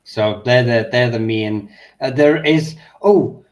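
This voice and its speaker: A man from Northern Ireland with an Ulster accent softened by English elocution lessons, chatting casually about history with frequent ums and restarts. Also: medium pitch, takes it slowly. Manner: hesitant, lots of ums and restarts.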